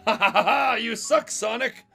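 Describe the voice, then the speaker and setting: A man's voice: very high-pitched, moderate pace, vocal fry, pushed and bright, slightly rough, soft background music, pitched above the performer's own voice, exaggerated voice. A man voicing a gloating older male mad scientist villain who speaks with theatrical cackles. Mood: mocking.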